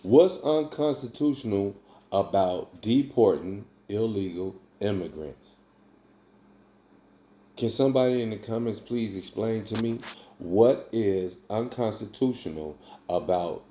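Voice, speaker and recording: A man's voice: lowish voice, dark tone. A tipsy man giving casual reaction commentary, emphatic and profane, firing off rhetorical questions.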